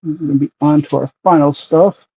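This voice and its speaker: Gravelly low-key hobby streamer man. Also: fairly even intonation, brisk, warm tone, muffled recording. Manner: chatty, talks to himself and greets viewers. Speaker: livestream host. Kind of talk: casual running commentary while airbrushing.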